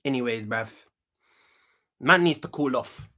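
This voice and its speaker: A brash young-sounding man fronts a comedic talk show sketch. He rambles in heavy street slang, loops back over the same phrases and keeps tacking on filler tags, with his pitch sitting right in the middle of the range. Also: a little slow, sharp tone.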